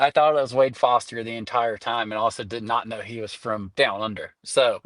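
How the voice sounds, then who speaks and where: A man's voice: mid-range voice, fairly even intonation, a little fast, fairly bright tone. A young man with a Southern American accent, co-hosting a casual podcast, asking curious questions that he often stops and restarts. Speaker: podcast co-host.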